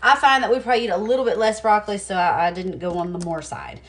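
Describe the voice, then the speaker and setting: A cooking vlogger with a mid-range, fairly bright voice talks fast while prepping meals in her home kitchen. She chats casually to the camera, talks to herself as she works, and laughs at her own mishaps.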